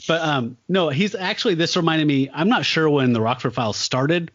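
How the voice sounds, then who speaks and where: A man co-hosting a casual comic book podcast, enthusiastic and quick to laugh. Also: fairly high pitch, dry recording, lo-fi sound. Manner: enthusiastic, laughs often, makes pop culture comparisons. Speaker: podcast co-host.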